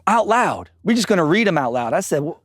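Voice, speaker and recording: A man with a high, very lively voice tells comedic stories as a guest in a chat. He is animated, laughs often, and acts out the people he quotes. The sound is close and dry. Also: quick pace, dry recording. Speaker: guest musician. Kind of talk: comedic storytelling in casual chat.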